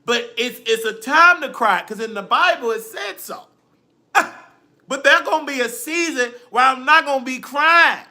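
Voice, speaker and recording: A man's voice: very high-pitched, moderate pace, bright, forceful tone. A man hosting a livestream, ranting dramatically and preachily, often crying and quoting scripture. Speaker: livestream host. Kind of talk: emotional livestream rant.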